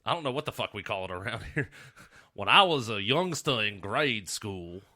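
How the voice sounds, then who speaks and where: A man's voice: fairly low pitch, lively intonation, moderate pace, bright, forceful tone. A man co-hosting a radio talk show, reading news items and chatting loosely, laughing often and stumbling over his words. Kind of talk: casual banter and news reading.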